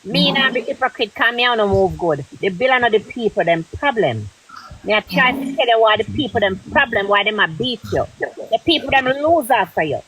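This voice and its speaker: A woman's voice: fairly high pitch, expressive, a little fast, fairly bright tone, poor audio. A Jamaican woman hosting a live stream, lecturing her guest insistently.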